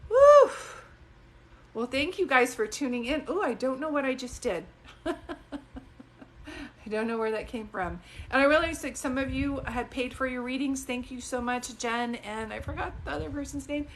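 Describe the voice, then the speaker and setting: A woman psychic talks casually to her live-stream viewers in a chatty, digressive and animated way, into a phone. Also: sits high, brisk, hardly any pauses, a little hiss or hum. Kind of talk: casual livestream talk to viewers.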